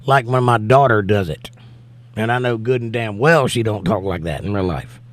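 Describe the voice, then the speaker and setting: A man's voice: on the low side, moderate pace, no echo. A tired middle-aged man hosting a casual live stream, reading viewer comments aloud and answering them with laid-back, wry remarks. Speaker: livestream host.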